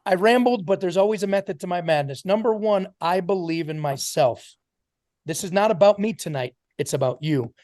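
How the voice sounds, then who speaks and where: A man's voice: sits high, normal speed, darkish tone, no room sound, studio quality. A man giving an emphatic motivational talk to a sales team on a video call, calling on listeners by name.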